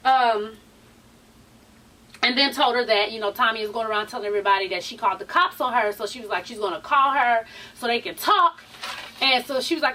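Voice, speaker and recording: Sassy high-voiced woman gossiping. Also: a little fast, sharp tone. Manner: sassy, chatty, swears freely, calls viewers honey and child. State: tired. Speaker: vlogger recapping a reality show. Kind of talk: casual gossip recap. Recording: voice somewhat far from the mic.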